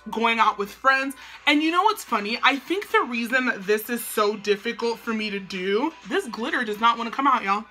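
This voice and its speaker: A woman's voice: fairly high pitch, pushed and bright. A young woman chatting casually to camera at home as she does her makeup, slangy and full of "like". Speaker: beauty vlogger.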